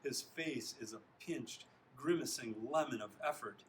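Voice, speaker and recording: A man reading a children's novel aloud, expressive, stopping now and then to comment on the text and correct himself. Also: mid-range voice, unhurried, a little hiss or hum, poor audio. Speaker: reader.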